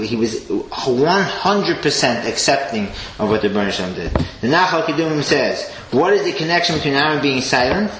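A man teaching a Torah class with an animated delivery, swinging between loud emphasis and quiet asides and sprinkling in Hebrew and Yiddish terms. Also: a little high. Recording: echoey room with faint noise.

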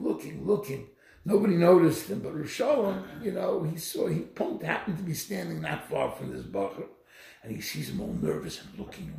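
A man giving a Torah lecture, telling stories in an animated, emphatic way, recorded in an echoey room. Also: medium pitch, vocal fry. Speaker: Torah teacher.

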